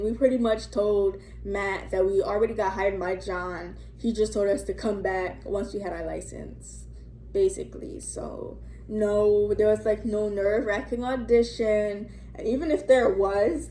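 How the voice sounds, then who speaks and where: A young woman vlogger with a mellow, mid-range voice tells a casual story into her phone. She's rambling and chatty, full of fillers, with the occasional curse. The space sounds echoey, with faint ambience.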